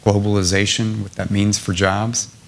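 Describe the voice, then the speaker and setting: A man's voice: on the low side, level tone, moderate pace, creaky, a little hiss or hum. A middle-aged man from South Carolina giving an impassioned public talk, building his points through lists and repeated rhetorical questions. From South Carolina, USA. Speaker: nonprofit president speaking to an audience.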